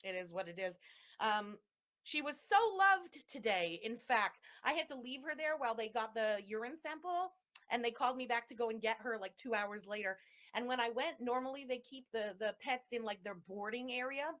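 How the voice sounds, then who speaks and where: A woman's voice: on the high side, normal speed, a bit bright. A woman hosting a commentary channel, talking in an indignant, exasperated and scolding way. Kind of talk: emotional commentary rant.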